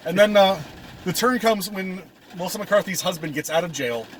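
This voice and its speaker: A man co-hosting a podcast, casually retelling movie scenes with quick quoted lines and frequent laughs. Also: high voice, slight background noise. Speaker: podcast co-host. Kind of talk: casual movie review chat.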